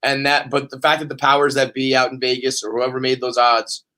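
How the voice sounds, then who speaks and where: A man's voice: medium pitch, completely flat delivery, fairly quick, pushed and bright. A man hosting a podcast, chatting casually and riffing animatedly, with plenty of swearing. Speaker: podcast host. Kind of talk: casual sports chat.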